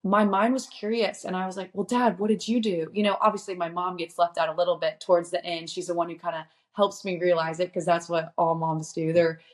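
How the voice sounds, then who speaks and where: A woman's voice: lowish voice, little pitch movement, fairly quick, hardly any pauses. A young woman from Indiana, a guest on a podcast, telling her story in a chatty, upbeat way. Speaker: guest, children's book author. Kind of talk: casual podcast interview.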